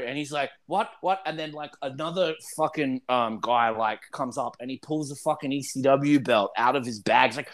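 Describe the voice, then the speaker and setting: A man's voice: mid-range voice, fairly quick, hardly any pauses. A man hosting a podcast, telling a story in casual, profane chat and laughing often. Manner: profane, laughing, acts out quotes. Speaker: podcast host, wrestler.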